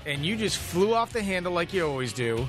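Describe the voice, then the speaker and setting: A man's voice: high-pitched, very animated, brisk, music in the background. A man co-hosting a morning radio show, teasing and joking with his partner. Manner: teasing, joking, dry asides. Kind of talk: casual morning radio banter.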